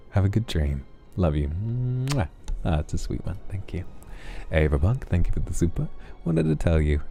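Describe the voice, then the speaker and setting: A man hosting a soft late-night ASMR stream, gently reading viewers' messages aloud and answering them affectionately. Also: sits low, creaky.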